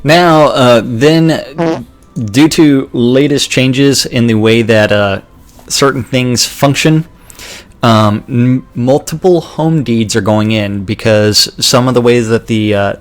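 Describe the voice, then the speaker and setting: A man co-hosting a game news show in casual chat, wry and chatty, with halting restarts while going through the news. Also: mid-range voice, faint music behind.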